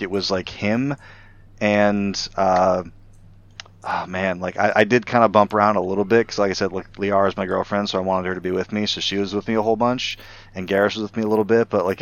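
Man, low voice, smooth tone, eager casual chat, lots of fillers, slightly muffled lo-fi audio. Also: no room sound. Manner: filler-heavy, enthusiastic, many restarts.

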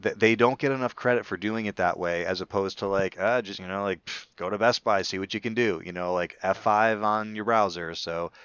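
A man's voice: fairly low pitch, brisk, hardly any pauses, a bit bright, clean tone, no echo, muffled recording. A man in casual podcast chat, talkative and rambling with many restarts. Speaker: podcast co-host.

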